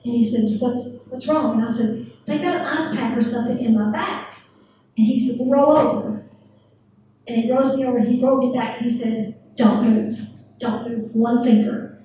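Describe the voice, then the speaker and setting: A middle-aged woman giving a church testimony, retelling events with lively quoted dialogue. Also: fairly high pitch, moderate pace, recorded from a distance, slight background noise. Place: church sanctuary. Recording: very echoey church hall from afar.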